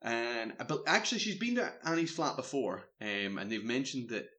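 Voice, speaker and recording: A man's voice: mid-range voice, moderate pace. Brit guy rambling thru a movie plot, lots of likes and ums, chatty. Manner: rambling, filler-heavy, animated retelling. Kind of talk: casual chat recapping a film.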